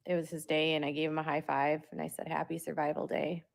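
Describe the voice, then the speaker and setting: Low, gravelly-voiced woman vlogging. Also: completely flat delivery, fast talker. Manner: rambling, talks through filler words. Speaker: parent vlogger. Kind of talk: casual monologue to viewers.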